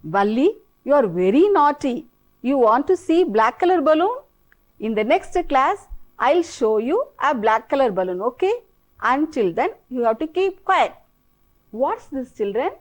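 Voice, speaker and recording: A woman teacher with an Indian English accent, slowly drilling children through an English lesson with repeated prompts. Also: high-pitched, big pitch swings, rough recording. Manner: slow, repetitive, coaxing drill-style prompting. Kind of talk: televised classroom English lesson.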